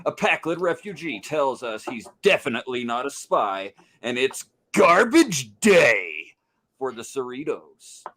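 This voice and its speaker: A man running through an episode recap on a podcast. He talks in a steady monotone that barely rises or falls, in the loose style of a casual chat among friends. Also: medium pitch, a little slow. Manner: monotone delivery.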